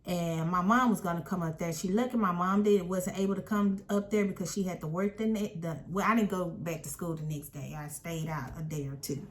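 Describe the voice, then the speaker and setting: Animated woman telling a personal story. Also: fairly low pitch, a little fast, hardly any pauses. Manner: animated, emphatic retelling with quoted voices. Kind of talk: casual storytime vlog.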